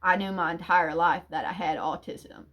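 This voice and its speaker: A woman hosting her own channel, speaking in an earnest, halting way and searching for her words. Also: on the low side, steady tone, fairly bright tone. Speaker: channel host. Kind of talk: personal talk to camera.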